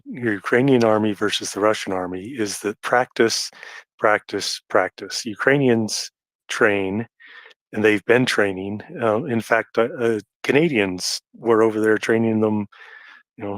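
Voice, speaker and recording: A man with a fairly low voice speaks haltingly in a relaxed live audio chat, filling gaps with ums and uhs. The sound is dry and close, with no room around it. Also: no echo. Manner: hesitant, halting, many fillers.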